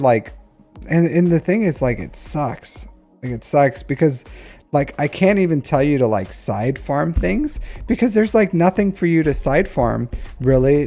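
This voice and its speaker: A man's voice: mid-range voice, dark tone. A man giving casual live-stream commentary on game accounts, rambling and repeating phrases with lots of "like" and "um".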